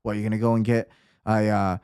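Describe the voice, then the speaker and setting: A man's voice: lowish voice, little pitch movement, brisk, darkish tone, clean tone, dry recording, studio quality. A man hosting a casual commentary show, ranting bluntly with sarcasm. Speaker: host.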